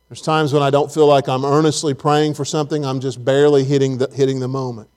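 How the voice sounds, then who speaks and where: A man's voice: mid-range voice, steady tone, brisk, hardly any pauses, darkish tone. A man preaching a sermon in a church auditorium, emphatic, repeating phrases and putting questions to the congregation.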